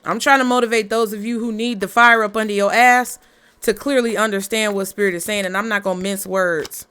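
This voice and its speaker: A woman's voice: medium pitch, fairly even intonation, fairly quick, fairly bright tone, smooth. A woman giving a casual tarot reading in a blunt, profane, fired-up motivational way. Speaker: tarot reader.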